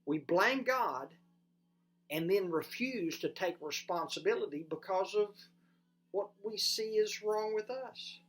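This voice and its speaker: A pastor giving a sermon, asking listeners direct questions and swinging from loud emphasis to quiet, low delivery. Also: lively intonation, a little slow.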